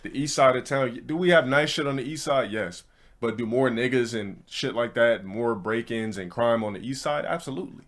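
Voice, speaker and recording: A man's voice: mid-range voice, normal speed, a bit bright. A man streaming, telling a rambling story to his chat in blunt, profane casual talk. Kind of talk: casual ranting monologue to a live chat.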